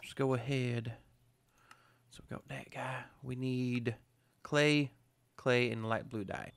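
A man's voice: mid-range voice, steady tone, takes it slowly, creaky, clean tone. A man hosting a video game channel, giving upbeat, chatty gameplay commentary with a self-mocking streak. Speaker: gaming channel host.

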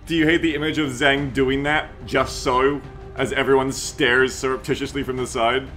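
A man's voice: medium pitch, flat delivery, moderate pace, bright, forceful tone, faint music behind. A man streaming a strategy game, joking and swearing as he reads chat messages aloud and riffs on them. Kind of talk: casual gameplay commentary.

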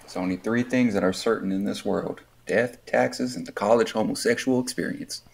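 A man's voice: fairly low pitch, normal speed, vocal fry, a little hiss or hum. A young man co-hosting a podcast, dropping wry, teasing quips in casual chat. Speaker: podcast co-host.

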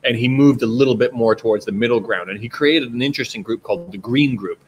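A man's voice: mid-range voice, fast talker, slight background noise. Chatty Canadian man hosting a live stream. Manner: rambling, many fillers and restarts. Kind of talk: casual live chat. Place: home in China.

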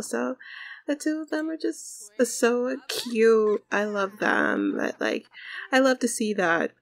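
A woman's voice: on the high side, big pitch swings, slow, vocal fry. A woman casually narrating a life simulation game, chatty and giggly. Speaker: gaming YouTuber.

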